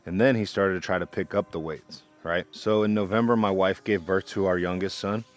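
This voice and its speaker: A young man, a father, telling a casual vlog story about parenting in a relaxed, conversational way. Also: sits low. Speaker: parent vlogger.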